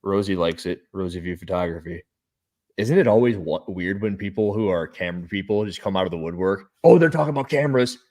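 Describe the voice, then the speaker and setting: An American man with a somewhat low voice, chatting casually on a podcast. He teases and jokes, calling his friend "dude" often. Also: steady tone, brisk, darkish tone. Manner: joking, teasing, says "dude" a lot. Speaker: podcast co-host. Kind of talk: casual chat.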